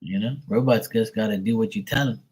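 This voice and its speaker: Profane joking man with a husky voice. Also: on the low side, brisk, darkish tone. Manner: profane, joking storyteller who laughs often. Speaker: livestream host. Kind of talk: casual live-stream chat.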